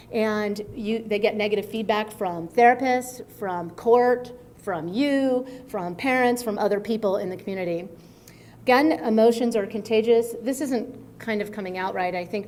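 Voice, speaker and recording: A middle-aged woman speaking as a guest speaker at a conference, in a conversational, animated way. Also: a little high. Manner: conversational, animated, acts out quotes. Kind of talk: conference talk. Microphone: microphone at a conference.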